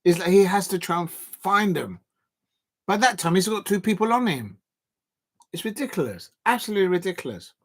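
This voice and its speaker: A man hosting a live football watch-along, ranting in an animated, exasperated way and often restarting his sentences. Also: high voice, normal speed. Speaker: football fan live-stream host. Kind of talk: casual watch-along commentary.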